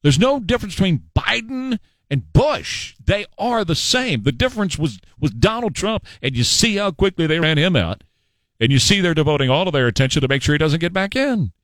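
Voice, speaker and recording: A man's voice: fairly high pitch, big pitch swings, a little fast, a bit bright, no room sound. A man hosting talk radio, combative and sarcastic in his commentary. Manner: combative and sarcastic, mocking voices of others.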